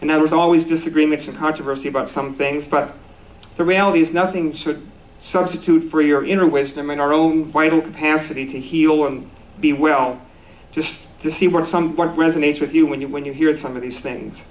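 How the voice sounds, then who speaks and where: A man's voice: on the high side, steady tone, a little fast, poor audio. A man giving a conversational sermon at a spiritual center, easygoing and self-deprecating, with restarts and small laughs.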